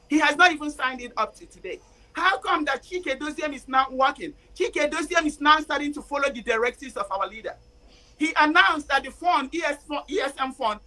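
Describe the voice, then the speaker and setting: A woman calling in to a talk show, speaking angrily and building to shouting, close to tears. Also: high voice, low-quality recording. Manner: angry, rising to shouting and near tears. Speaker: caller. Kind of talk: impassioned call-in rant.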